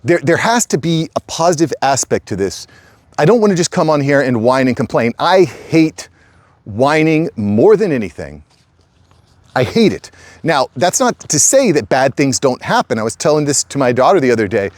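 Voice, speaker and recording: A man's voice: medium pitch, big pitch swings, moderate pace, no echo. A middle-aged man hosting his channel, talking straight to viewers in an emphatic, repetitive way and calling them guys. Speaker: channel host. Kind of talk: casual direct-to-camera talk.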